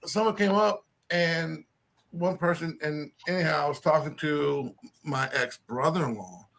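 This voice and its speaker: Southern man, gravelly voice pitched a bit high, rambling anecdotal storyteller in casual chat. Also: a little slow, a bit bright. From Louisiana.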